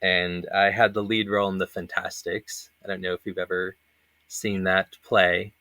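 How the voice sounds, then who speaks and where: Giggly, bright-voiced man telling stories. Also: low-pitched, level tone, normal speed, no echo. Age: 30s. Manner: laughs often, rambling anecdotes with many fillers. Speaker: panel host. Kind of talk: casual panel chat.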